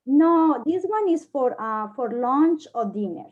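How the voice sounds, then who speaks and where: A woman from Colombia with a Colombian Spanish accent, giving a casual presentation, often pausing with fillers while she searches for words. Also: sits high, lively intonation, narrow, tinny audio. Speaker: guest presenter.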